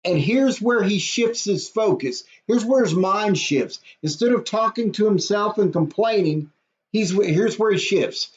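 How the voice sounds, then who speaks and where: A man with a fairly high voice gives a short devotional. He reads scripture in measured phrases, then talks through it in plain everyday words. The audio is dull and lo-fi. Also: expressive. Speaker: pastor. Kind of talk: devotional Bible reading and commentary.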